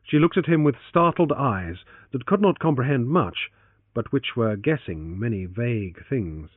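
A man's voice: mid-range voice, lively intonation, normal speed, dry recording. A man narrating an adventure novel as an audiobook. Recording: tinny phone-like, dry.

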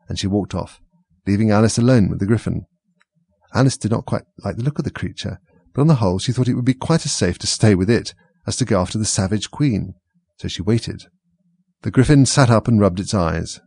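A man narrating a storybook in a measured, even way, recorded close on a studio mic. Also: lowish voice, creaky, breathy edge, no echo. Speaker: audiobook narrator.

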